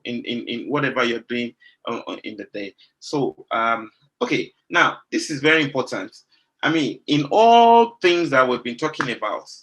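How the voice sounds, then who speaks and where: A man's voice: medium pitch, bright, forceful tone. A middle-aged man from Nigeria, a doctor presenting to pharmacists, earnest and often repeating words while searching for the next phrase. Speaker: doctor giving a talk to pharmacists. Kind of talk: professional presentation.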